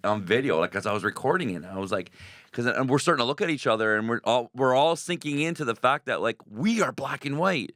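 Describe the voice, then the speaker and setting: Excitable low-voiced man. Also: no room sound, studio quality. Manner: excitable, acts out quoted voices. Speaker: haunted house owner. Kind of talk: animated radio interview storytelling.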